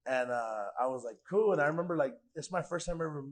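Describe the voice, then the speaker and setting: Animated young guy telling a story. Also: fairly high pitch, quick pace, rough recording. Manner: animated, acts out quoted dialogue, swears freely, heavy filler "like". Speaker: podcast guest. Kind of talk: casual storytelling.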